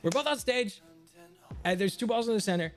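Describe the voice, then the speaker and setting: Young male streamer, high lively voice, expressive storyteller, faint music underneath. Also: a little fast. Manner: animated, swears freely, laughs while telling. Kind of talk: casual storytelling.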